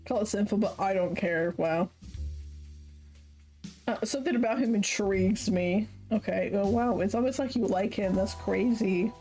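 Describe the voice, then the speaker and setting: A woman's voice: mid-range voice, unhurried, pauses often, a little mellow, faint music behind. Giggly young woman streaming a game. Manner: casual and giggly, swears freely, reads story text aloud. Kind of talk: live-streamed game commentary.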